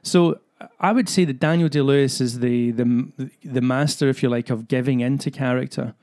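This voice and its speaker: A man talks through his ideas on acting for a podcast. He explains earnestly, working his thoughts out aloud with fillers and restarts. His pitch sits in the everyday middle range. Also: fairly even intonation, normal speed, darkish tone. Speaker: acting coach, podcast host. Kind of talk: solo podcast talk.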